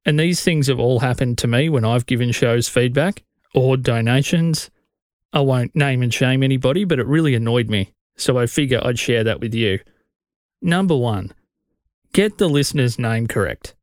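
An Australian man hosting his own podcast, talking bluntly and casually. His voice sits at a middle pitch. It is recorded dry and close to the mic, with no room sound. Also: moderate pace, no room sound. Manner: blunt, conversational, opinionated. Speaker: podcast host. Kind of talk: solo podcast advice.

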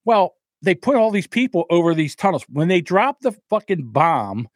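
A man's voice: sits high, very animated, moderate pace, no room sound, clean studio sound. Ranting, profane podcast co-host man. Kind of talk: casual chat.

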